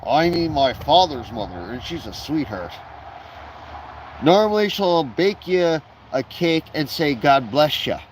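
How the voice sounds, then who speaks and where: A man's voice: on the high side, lively intonation, unhurried, a little hiss or hum, rough recording. A man chatting on a casual live stream from his backyard, rambling and swearing freely as he drifts between topics. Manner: rambling, profane, digressive. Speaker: livestreamer.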